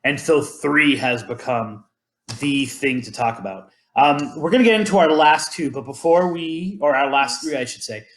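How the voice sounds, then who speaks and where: A man's voice: a little high, normal speed, a bit bright. A man hosting a podcast, chatting casually and rambling through legends with many ums and restarts. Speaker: podcast host. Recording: roomy echo.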